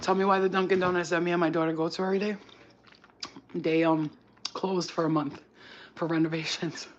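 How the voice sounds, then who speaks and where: A man's voice: on the high side, little pitch movement, brisk, highs cut off, a little hiss or hum. A man in a casual livestream chat, giving spiritual readings in a blunt, chatty way and swearing freely.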